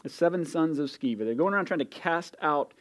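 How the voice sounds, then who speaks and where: A man's voice: on the high side, expressive, a little fast. A man preaching a sermon as pastor, conversational and emphatic, with casual asides to the congregation. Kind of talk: expository sermon.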